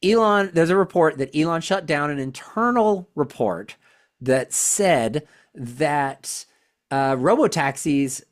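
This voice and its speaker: A podcast co-host in a casual chat, sarcastic and quick to laugh. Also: mid-range voice. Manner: animated and sarcastic, laughs often.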